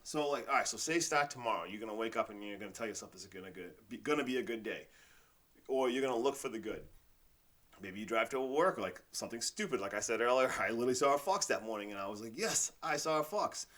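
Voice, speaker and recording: A man's voice: fairly low pitch, lively intonation, fast talker, a bit bright. A man hosting his own podcast in a casual motivational monologue, rambling and enthusiastic, with lots of fillers. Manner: says "like" and "literally" often. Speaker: podcast host.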